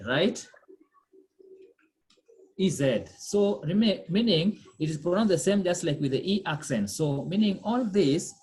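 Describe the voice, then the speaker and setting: Quizzing students during a pronunciation lesson, the teacher speaks in a mellow, mid-range voice. Words get repeated with patience, and "okay?" and "eh?" punctuate the checks on the class.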